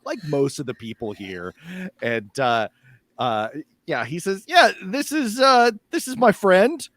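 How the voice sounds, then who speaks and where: A man's voice: mid-range voice, a bit bright. A man narrating a tabletop game as game master, in a loose, chatty way full of fillers.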